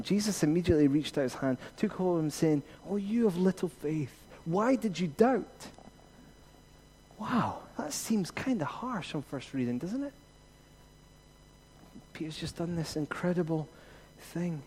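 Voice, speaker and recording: Pastor preaching with emphatic swells. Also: male voice, on the high side, animated, moderate pace, a little hiss or hum. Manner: rising to emphatic peaks, then dropping to quiet reassurance. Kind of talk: sermon.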